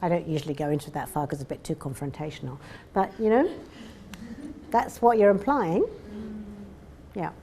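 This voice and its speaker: A woman's voice: deep voice, moderate pace, gravelly, pauses often, dark tone. A woman presents at a seminar in a chatty, story-led way. She slips into acted-out exchanges as she teaches. There is a faint hiss behind her. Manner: chatty, anecdotal, acts out dialogues. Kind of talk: conversational teaching talk. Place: seminar room.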